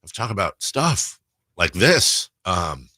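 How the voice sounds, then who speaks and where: Man, radio host, casual rambling chat, lively pitch swings, dry studio sound. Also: slow, no room sound. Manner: rambling, self-interrupting, animated. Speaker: radio sports talk host. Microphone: studio microphone.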